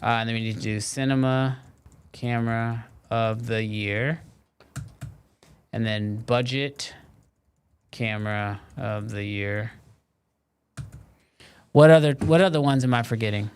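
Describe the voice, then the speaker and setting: A man with a smooth, resonant voice hosts a casual live stream and chats loosely with his viewers. He sits at a middle pitch and talks in a relaxed way, with plenty of "um" and "like" between his thoughts. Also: a little slow, pauses often. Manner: relaxed and conversational, many fillers like "um" and "like".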